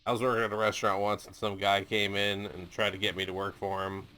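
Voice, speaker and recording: Profane, laughing veteran reaction host. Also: male voice, fairly low pitch, flat delivery, fast talker, bright, forceful tone. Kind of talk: casual reaction commentary. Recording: voice over film music.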